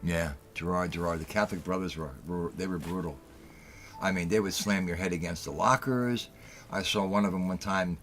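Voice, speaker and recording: A man's voice: low voice, fairly even intonation, moderate pace, fairly bright tone, a little hiss or hum. A middle-aged man hosting a casual talk show, telling stories in a heated, blunt and profane way and repeating himself for emphasis. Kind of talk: casual call-in show monologue.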